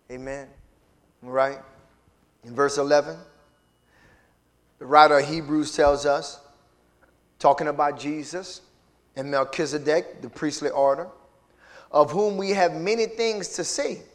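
High-voiced preacher in a reverberant hall. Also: male voice. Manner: call-and-response preaching, building from soft to loud. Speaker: pastor. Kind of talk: sermon. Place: large church sanctuary with reverb.

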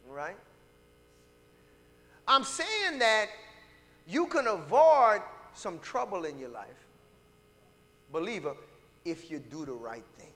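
A man delivers a sermon in a high, bright voice that swoops up and down. He presses his points emphatically, checking in with the congregation again and again. His words ring out with a long reverb from the sanctuary. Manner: emphatic, checks in with "All right?"; calls out to the congregation. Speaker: pastor. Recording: reverberant hall.

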